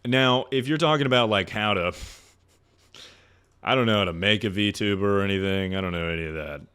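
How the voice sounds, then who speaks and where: A man's voice: fairly low pitch, a little fast, sharp tone, clean tone. A young man streaming live, giving loose advice to his chat in a joking, rambling way with plenty of swearing. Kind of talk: casual livestream chat.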